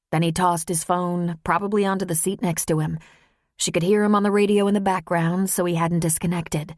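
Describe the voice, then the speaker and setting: A woman narrating an audiobook in a tense, measured storytelling voice. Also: fairly low pitch, steady tone, a little mellow, no echo, studio quality. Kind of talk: scripted narration.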